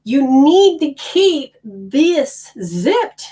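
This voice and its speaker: A middle-aged woman teaching energy healing in a loose, blunt way, with a casual curse here and there. Her pitch sits a little high and swings widely, very animated from phrase to phrase. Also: extremely slow. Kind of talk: casual teaching talk to a group.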